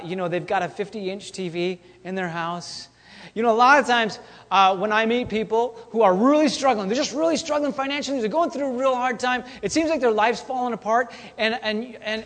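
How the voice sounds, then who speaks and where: High-pitched pastor, chatty sermon, lots of "okay?", echoey church hall. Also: male voice. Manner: conversational, repeats key lines, frequent "okay?" and "all right?". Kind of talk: casual sermon. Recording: long reverb of a church hall.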